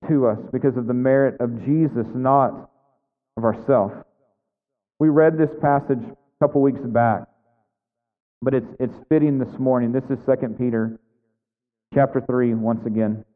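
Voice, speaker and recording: A man's voice: medium pitch, steady tone, unhurried. A man preaching a sermon as pastor, speaking earnestly and building to fervent emphasis. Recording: phone-like sound with long hall reverb.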